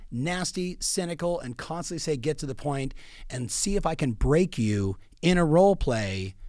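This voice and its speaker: A man's voice: mid-range voice, a little mellow, dry recording, studio quality. A middle-aged man giving emphatic coaching advice to real estate agents, repeating key phrases for weight. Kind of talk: coaching talk.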